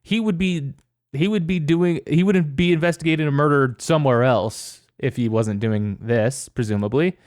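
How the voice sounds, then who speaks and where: A man's voice: on the high side, moderate pace, hardly any pauses, darkish tone, no room sound. A man hosting a podcast in casual chat, with a dry delivery that comes across as sarcastic. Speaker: podcast host.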